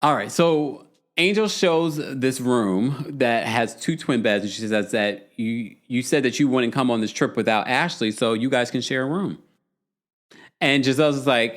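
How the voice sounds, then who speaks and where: A man's voice: mid-range voice, moderate pace. A man hosting a live-streamed reality show recap, chatting casually, reading viewer comments and acting out quotes with laughter. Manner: chatty, laughs often, acts out quotes in raised voices. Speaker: podcast host.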